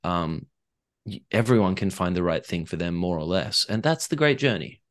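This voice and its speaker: A man talks frankly as a guest. He tells animated stories, slipping into other people's voices, and laughs easily. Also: low-pitched, normal speed. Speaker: author and coach, guest. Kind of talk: candid conversational interview.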